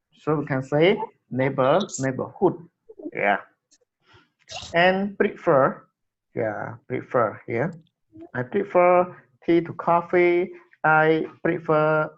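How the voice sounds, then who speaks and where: Guy teaching english, slow and halting, keeps repeating words, muffled lo-fi audio. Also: fairly high pitch. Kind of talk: classroom English lesson. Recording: dull lo-fi recording.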